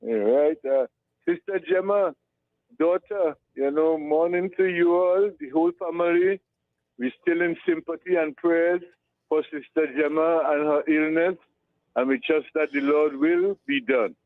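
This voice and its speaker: A Trinidadian man calling in to a radio show, giving rambling, affectionate shout-outs and repeating his words. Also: on the high side, measured pace, no room sound. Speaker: radio caller. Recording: tinny phone line.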